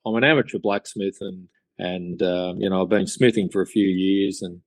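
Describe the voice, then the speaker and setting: An Australian man voicing a polite, deep-voiced teenage country boy in a laid-back, hesitant phone chat. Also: fairly even intonation, moderate pace, dry recording, close to an everyday voice. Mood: easygoing.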